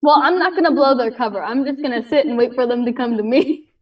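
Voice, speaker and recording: A woman playing in a tabletop role-play session, chatty and animated. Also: high-pitched, fast talker, breathy edge. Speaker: player. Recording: distant, dull remote mic.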